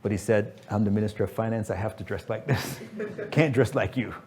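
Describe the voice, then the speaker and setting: A man's voice: fairly low pitch, brisk, darkish tone, slight background noise. A man, a business founder speaking as guest at a fireside chat, telling stories emphatically and acting out quotes.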